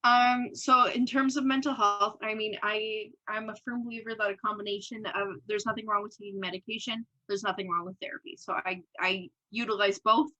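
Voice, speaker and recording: A woman's voice: mid-range voice, steady tone, brisk, few pauses, bright, forceful tone, lo-fi sound. A young woman guest on an interview podcast, chatting candidly, laughing often and acting out her own past thoughts. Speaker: podcast guest, business owner. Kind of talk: casual interview chat.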